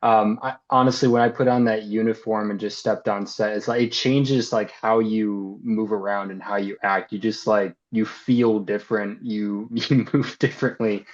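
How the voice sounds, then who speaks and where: A man's voice: lowish voice, steady tone, normal speed, hardly any pauses. A man, an actor and filmmaker, chatting casually as an interview guest, easygoing and rambling, with many ums and likes. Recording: slightly dull lo-fi sound.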